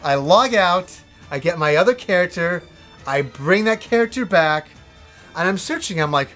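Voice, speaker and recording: A man reviewing a video game as the host, telling old memories in an excitable, profane, animated way. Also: sits high, normal speed, soft background music. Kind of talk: casual storytelling review.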